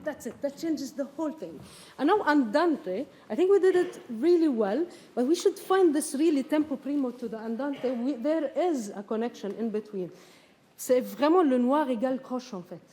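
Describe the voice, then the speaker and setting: High-voiced woman conductor in a hall. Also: expressive, moderate pace, dark tone. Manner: sings out rhythms, coaching and encouraging. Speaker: orchestra conductor. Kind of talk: orchestra rehearsal instructions. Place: concert hall with orchestra. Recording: reverberant hall, orchestra behind.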